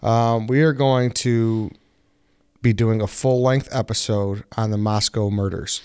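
Young male podcast host, low voice, dry close sound, loose rambling delivery with lots of "um". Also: a little slow, smooth, no echo. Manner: relaxed, filler-heavy storytelling with many restarts. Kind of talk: casual podcast chat.

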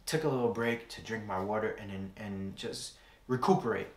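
A man's voice: fairly low pitch, moderate pace, roomy sound. A young man preaching a sermon, telling a personal story in an earnest way and repeating key phrases.

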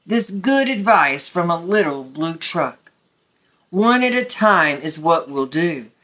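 A woman's voice: fairly low pitch, sing-song, takes it slowly, a bit bright, heavily acted. A woman reading the lines of a cheerful mayor giving a speech in a children's story.

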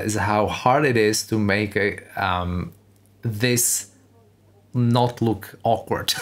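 Low-voiced man thinking aloud in commentary. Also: a bit bright. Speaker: host reacting to a tech keynote. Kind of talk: casual commentary over video.

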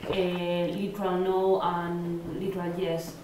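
Brief: woman in the audience, low flat voice, very echoey distant pickup with faint hiss. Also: takes it slowly. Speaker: audience member asking a question. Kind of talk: academic Q&A discussion.

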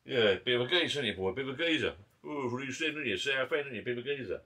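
A man mimicking a brash, teasing bloke who keeps needling and repeating his jibe. The voice sits higher than his own talk, loud, pushy and ribbing. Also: lively intonation, rapid-fire. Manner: teasing, repetitive. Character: brash man teasing, calling someone geezer.

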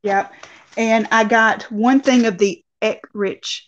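A woman's voice: a little high, fairly even intonation, slow, slight background noise. A woman from North Alabama, chatting on a video call in a friendly, hesitant way. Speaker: caller showing finds. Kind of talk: casual video call chat. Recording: dull lo-fi video call audio.

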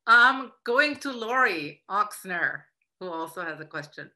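A woman's voice: mid-range voice, lively intonation, pushed and bright. A woman moderating a live-streamed Q&A, handing over to callers over a video call. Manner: brisk, managing callers.

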